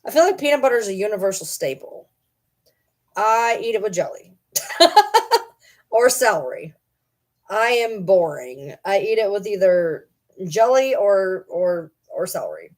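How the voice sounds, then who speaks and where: With a mid-range, sing-song voice that's a little mellow, a woman from Michigan chats casually with her viewers at a moderate pace. She rambles and teases, stopping now and then to talk to her pets.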